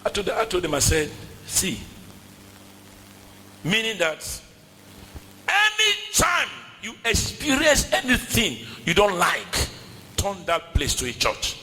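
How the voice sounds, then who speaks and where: A man's voice: high-pitched, huge pitch swings, slow, pauses often, bright, forceful tone, in a large hall, slight background noise, poor audio. A man preaching a sermon in a church with a West African accent, emphatic and repetitive, calling out to the congregation. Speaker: pastor.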